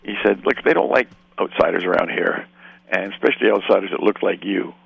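A man's voice: low voice, a little fast, gravelly, slightly rough, dry recording, highs cut off. An older man from Canada, a film director, telling rambling anecdotes in a radio interview and acting out the voices of the people in his stories.

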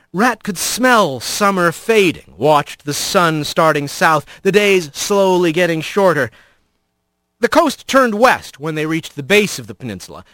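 A man narrating a storybook with an expressive, animated reading. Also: on the high side, dry recording. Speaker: audiobook narrator.

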